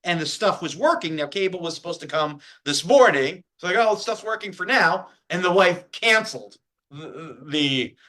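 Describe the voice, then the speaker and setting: Animated high-voiced joking man. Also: normal speed. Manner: sarcastic, joking rants. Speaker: podcast host. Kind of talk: casual chat.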